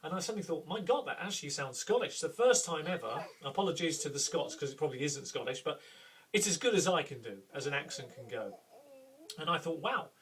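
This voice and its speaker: A man's voice: on the high side, lively intonation, a little fast, fairly bright tone, far from the mic. A middle-aged man from the UK, a game master hosting a chatty, self-deprecating tips talk. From United Kingdom.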